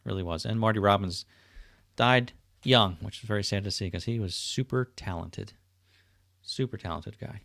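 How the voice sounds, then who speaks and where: Gravelly, chatty man hosting a livestream. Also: lowish voice, moderate pace, a bit bright, no room sound, clean studio sound. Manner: chatty, reads out viewer comments. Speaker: livestream host. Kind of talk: casual livestream chat. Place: home, indoors. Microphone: webcam setup.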